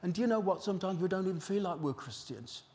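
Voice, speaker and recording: A man's voice: high-pitched, animated, fast, a little mellow. A British man preaching a sermon at a church service in an exclamatory, rousing way, calling out to the congregation.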